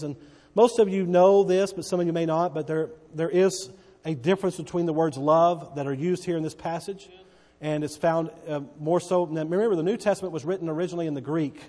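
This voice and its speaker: A man's voice: on the high side, fairly even intonation, brisk, dark tone. A man pastor preaching a sermon, emphatic and repeating key words, often checking in with his congregation. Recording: long reverb of a large hall.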